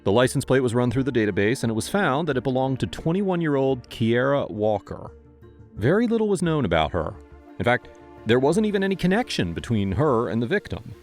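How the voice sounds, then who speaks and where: Guy narrating true crime, animated low voice, wry jokes, faint music behind. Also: fairly quick. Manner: wry asides in a storytelling delivery. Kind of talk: scripted narration.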